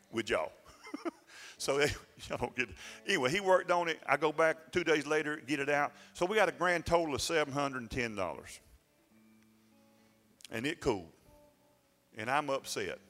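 A male pastor spins a folksy, self-mocking story from the pulpit. His voice is bright and forward, and it rings with long reverb through a church sanctuary while faint music plays under him. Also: mid-range voice. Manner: folksy, self-mocking, animated retelling with dialect grammar. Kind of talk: storytelling sermon.

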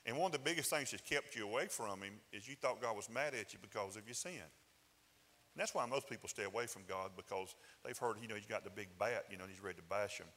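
A man's voice: on the low side, quick pace, pushed and bright. A man preaching a sermon in a conversational, folksy way, with rising emphatic bursts. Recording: hall reverb.

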